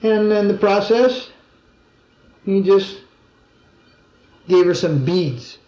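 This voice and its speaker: Man with a fairly high voice teaching a spiritual talk, chatty storytelling with dry jokes, old dull recording. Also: expressive, slow pace, mellow. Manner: conversational storytelling with wry humor. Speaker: swami giving a spiritual talk. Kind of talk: informal religious discourse with anecdotes. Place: gathering in a room. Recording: roomy dull lo-fi 2001 recording.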